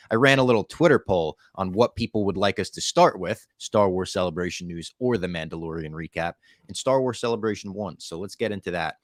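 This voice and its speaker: A man's voice: low-pitched, quick pace, few pauses, dry recording, clean studio sound. A man hosting a podcast in casual chat, upbeat and leading into each segment. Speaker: podcast host.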